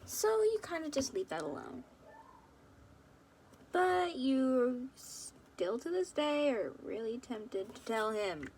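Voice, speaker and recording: A young woman rambles cheerfully through a fan story at home, stopping for chatty asides. Her voice sits higher than most and jumps around a lot in pitch. A faint hiss of noise runs underneath. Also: sing-song, slow pace, a little mellow. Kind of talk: casual reading of a fan story.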